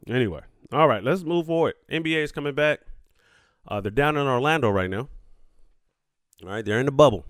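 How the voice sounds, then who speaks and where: A man's voice: lowish voice, clean tone, no room sound. Profane, ranting man, dry sound. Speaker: sports commentary host. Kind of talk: casual sports rant.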